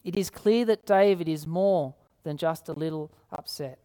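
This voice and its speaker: Earnest woman preacher, lowish voice. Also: dark tone. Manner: earnest, repeats key phrases for emphasis; slows down to read scripture aloud. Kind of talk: sermon.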